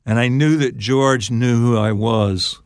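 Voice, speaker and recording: An older man, a songwriter guest on an interview show, telling stories in a halting, laughing way. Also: medium pitch, clean tone, no echo, clean studio sound. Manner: halting, restarts phrases, laughs while telling. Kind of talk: casual storytelling interview.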